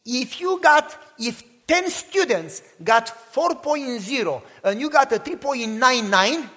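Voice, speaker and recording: A man's voice: high-pitched, husky, big-room sound. A male preacher, telling a personal story in a sermon and acting out both sides of a conversation. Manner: animated storytelling, acts out both sides of a dialogue.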